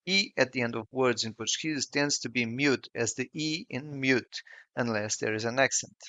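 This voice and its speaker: A man narrating a scripted pronunciation lesson, slowing down to model each example sound with care. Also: mid-range voice, pushed and bright, dry recording. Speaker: language tutor. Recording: dull, lo-fi and dry voice-over.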